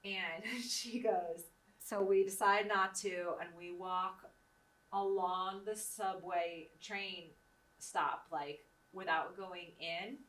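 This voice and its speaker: A woman's voice: lowish voice, fairly even intonation, takes it slowly, a bit bright, distant mic. A woman hosting her own show, telling stories casually and laughing often as she talks. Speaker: host interviewing herself. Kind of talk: casual anecdotal storytelling. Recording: echoey room, voice a bit off-mic.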